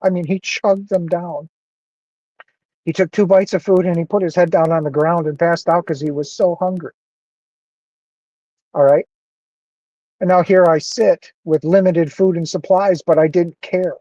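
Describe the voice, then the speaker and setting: A man's voice: a little high, fairly even intonation, a little slow, long pauses, mellow, no echo, muffled recording. A man talking earnestly and emotionally into his camera in a personal monologue, close to tears and repeating himself. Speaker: vlogger.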